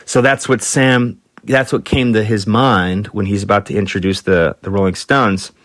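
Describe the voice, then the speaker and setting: A man's voice: fairly even intonation, normal speed, a bit bright, dry recording, clean studio sound. A man hosting a podcast, telling rock stories in a loose, casual way, swearing freely and acting out quotes in a raised voice. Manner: loose, profane, acts out quotes in higher voices. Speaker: podcast host. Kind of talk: casual storytelling.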